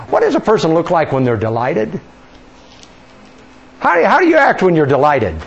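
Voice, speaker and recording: A man's voice: fairly high pitch, husky, muffled recording. A male pastor preaching a sermon in a church, conversational, with many rhetorical questions. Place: church sanctuary.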